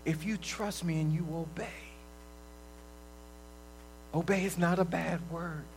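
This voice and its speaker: A man preaching a conversational sermon to a room and an online audience, swinging between loud bursts and soft drops. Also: on the high side, fairly even intonation, unhurried, a little hiss or hum, low-quality recording. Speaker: lay preacher. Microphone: livestream recording.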